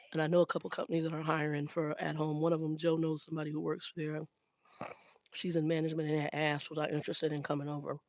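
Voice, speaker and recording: Here the older woman truck driver has a deep, gravelly voice with a darkish tone, chatting casually with live viewers. She comes across as frank and exasperated and keeps restarting sentences. It's a dull lo-fi recording, dry with no echo.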